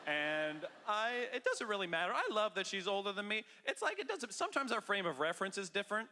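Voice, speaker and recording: A man in his thirties from Canada performing a loud, excitable stand-up comedy set with mock bravado. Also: high-pitched, brisk. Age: 30s. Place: large theater stage. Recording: live stage audio with long hall reverb.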